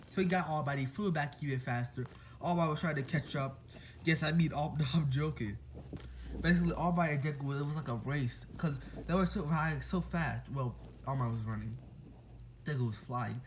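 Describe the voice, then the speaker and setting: A young man casually retelling a fan story, rambling and excitable, full of fillers and quick apologies. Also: fairly high pitch, slight background noise.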